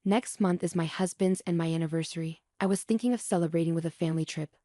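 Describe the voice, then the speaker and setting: A smug, domineering older mother-in-law from a read-aloud revenge story, as a woman narrator puts her on. The voice sits low and mellow and is recorded dry and close. She talks down to others with a mocking edge. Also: quick pace, no echo, natural voice.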